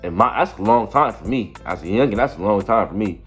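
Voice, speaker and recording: A young man tells a story in a loose, rambling way, leaning on slang and checking in with "you feel me" again and again. His voice sits on the low side, with faint music playing underneath. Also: animated, fast talker, breathy edge. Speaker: vlogger. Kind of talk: casual storytelling.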